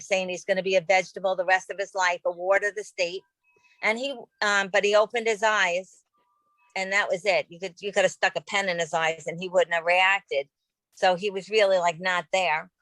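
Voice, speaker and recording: A woman in her fifties shares a heartfelt personal story on a podcast. Her voice sits at a middling pitch, and she talks in a rambling, earnest way, full of ums and restarts. The sound is dry and close, with no room echo. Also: a bit bright. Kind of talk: personal testimony in casual conversation.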